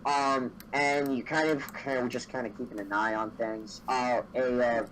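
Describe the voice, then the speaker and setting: A man's voice: medium pitch, little pitch movement, normal speed, a bit bright, a little hiss or hum, poor audio. A man narrating as game master of a tabletop game, meandering with many fillers and self-corrections.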